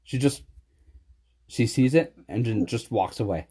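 A man chatting casually on a podcast, telling animated stories and laughing often. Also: mid-range voice, a little slow, husky. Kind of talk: casual chat.

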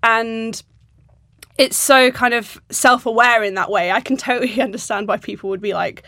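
A woman's voice: fairly high pitch, fairly even intonation, moderate pace, sharp tone, no echo, studio quality. A young woman co-hosting a film podcast, chatting casually and animatedly, laughing often and quoting lines in put-on voices.

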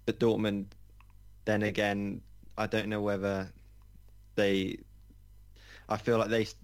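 A man talks football in a casual, thinking-aloud way. His low voice barely moves in pitch. He stops and restarts often as he weighs up each team.

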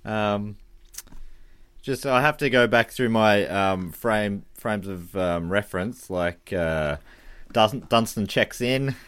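A man's voice: lowish voice, slow, smooth. A man co-hosting a casual chat, reacting eagerly and thinking aloud. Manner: animated, enthusiastic reactions. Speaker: podcast co-host.

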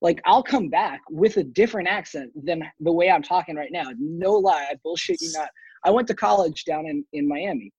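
Long-winded storytelling man, husky voice. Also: on the high side, big pitch swings, moderate pace, darkish tone, no echo, muffled recording. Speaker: podcast guest. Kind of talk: casual chat.

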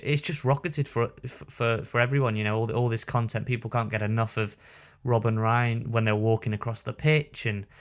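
A man co-hosting a podcast in casual chat, talking haltingly with many restarts and repeated words. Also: medium pitch. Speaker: podcast co-host, newspaper writer.

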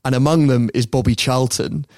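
A man hosting a podcast, telling a story in a lively casual way and often laughing. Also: medium pitch, normal speed, no room sound, studio quality. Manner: lively, laughs often, mimics people in quotes.

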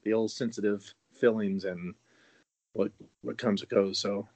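This thirty-something man speaks a little slowly in a lowish, slightly mellow voice with vocal fry and fairly even intonation. He's chatting loosely on a casual podcast, laughing readily and often restarting, and the recording is dry.

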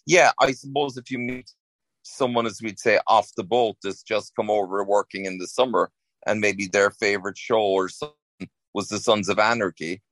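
A man's voice: lowish voice, steady tone, normal speed, fairly bright tone, no echo. An Irish man, an actor, chatting in an interview, rambling with many restarts. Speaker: actor, guest. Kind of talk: casual interview chat.

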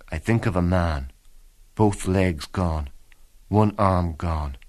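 A man giving a dramatic first-person reading of a soldier's war memoir, grave and intense, sinking to a hush at the darkest moments. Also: low voice, slow, long pauses.

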